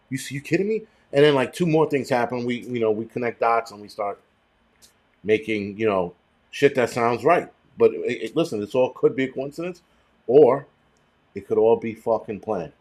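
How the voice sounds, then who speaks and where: Guy rambling on his stream, swears constantly, gets worked up. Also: medium pitch. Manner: profane, rambling, animated. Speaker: host. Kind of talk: casual livestream chat.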